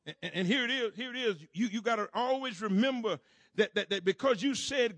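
A man preaching a fervent sermon, repeating words in rhythm, rising into shouts and calling on the congregation to answer. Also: sits high, brisk, no echo. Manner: call-and-response with the congregation. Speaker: pastor.

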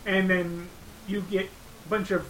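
A man with a high, bright voice fumbles through a description of a party card game, restarting often and joking along. A faint hiss runs under the recording. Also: flat delivery, measured pace, low-quality recording. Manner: hesitant, jokey, many restarts. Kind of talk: casual chat about board games.

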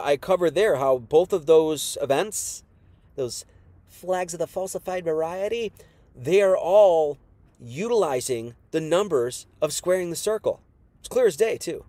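A man gives a casual Bible teaching in an emphatic, conversational way. He breaks into asides and restarts often. His voice sits slightly high and sounds dry and close. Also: dark tone, no room sound. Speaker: preacher.

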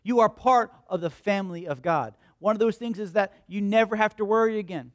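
A male pastor preaching in a notably high voice, recorded close and dry with no room echo. He repeats his lines for emphasis and poses questions that he answers himself. He moves between loud emphatic peaks and quiet storytelling. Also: lively intonation, brisk, hardly any pauses. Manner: asks the congregation questions and answers them himself. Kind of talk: sermon.

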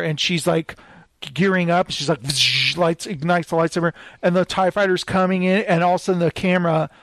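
A man hosting a casual podcast chat about films, telling stories in an excitable, animated way. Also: sits high, dry recording, clean studio sound. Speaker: podcast host.

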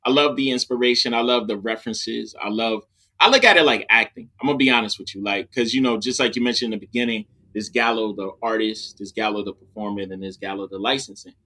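A man, a rapper who works in music licensing, talking in an animated casual podcast conversation, often adding "you know what I'm saying". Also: fairly low pitch, fast.

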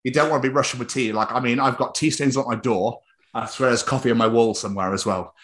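A man's voice: medium pitch, steady tone, fast, a bit bright, slight background noise. A young man co-hosting a podcast, chatting casually with sweary, giggly banter. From Wales. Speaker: podcast co-host. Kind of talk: casual chat.

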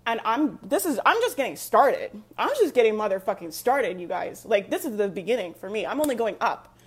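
A woman's voice: medium pitch, big pitch swings, a little fast, husky. A young adult woman coaching an online community on a live stream, talking emphatically and repeating herself with frequent laughs. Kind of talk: live stream pep talk.

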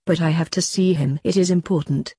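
A woman's voice: sits low, fairly even intonation, a little fast, dark tone, slightly rough, no room sound. A woman reading the part of an insistent young man, a grim avenger, in a storybook tale.

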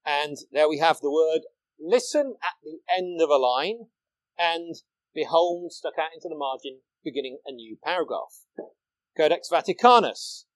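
A man delivers a public lecture in a somewhat high voice. He explains patiently and poses rhetorical questions. The sound is dry and close, with little room echo. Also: animated, normal speed. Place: lecture hall.

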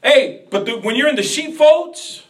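A man preaching a sermon as pastor, in a call-and-response style that rises to shouts. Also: very high-pitched, animated, unhurried. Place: church sanctuary. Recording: echoey church hall from far off.

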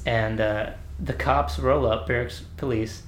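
A man spinning rowdy service stories in casual chat, his voice at a mid pitch. He jumps into the voices of the people he quotes, swearing and laughing as he goes. The room around him rings with echo. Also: unhurried. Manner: animated, acts out quoted people, swears freely, laughs often. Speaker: Navy veteran telling stories. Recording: echoey room.

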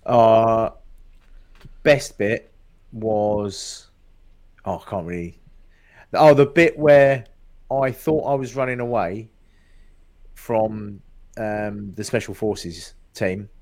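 A man co-hosting a podcast, easygoing and quick to laugh in casual chat. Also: on the low side, a little mellow. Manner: laughs often, easygoing back-and-forth. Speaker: podcast co-host.

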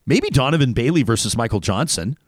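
Chatty, animated male radio host. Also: medium pitch, brisk, dry recording, studio quality. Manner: chatty, rambling, laughs often. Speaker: radio talk show host. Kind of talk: casual call-in radio chat.

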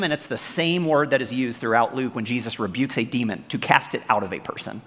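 A man preaching a sermon as pastor, talking in an animated, conversational way and telling stories. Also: medium pitch, a little fast, few pauses, long reverb tail, faint music behind. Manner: animated, conversational, storytelling, acts out the characters.

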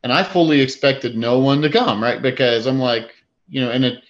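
A man's voice: medium pitch, moderate pace, lo-fi sound. A man who preaches, telling a story in a casual faith chat, acting out his own thoughts with many fillers.

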